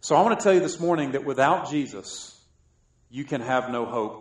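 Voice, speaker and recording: A man from South Carolina preaching a sermon, joking and swinging between loud and soft. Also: fairly high pitch, animated, moderate pace. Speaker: pastor. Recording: echoey room.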